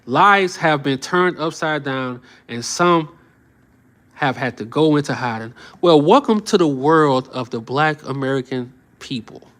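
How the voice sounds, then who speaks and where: A man's voice: a little high, lively intonation, unhurried, fairly bright tone. A man commenting on the news on a live stream, heated and preachy, who often repeats short phrases for emphasis.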